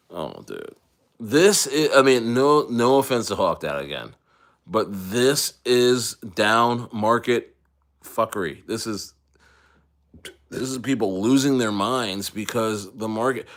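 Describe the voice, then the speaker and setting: A man with a fairly low voice chats loosely to his livestream audience. He rambles and jokes, swears freely, and breaks into laughter as he talks. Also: expressive, slow, fairly bright tone. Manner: rambling, joking, profane, laughs often. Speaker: crypto livestreamer. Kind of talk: casual livestream chat.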